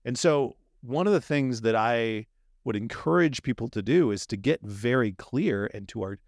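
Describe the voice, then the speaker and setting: Man, podcast guest, animated explainer, mid-pitched, dry close sound. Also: moderate pace, no room sound. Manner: animated explainer, acts out little quoted exchanges. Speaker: dream manager guest. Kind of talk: podcast conversation.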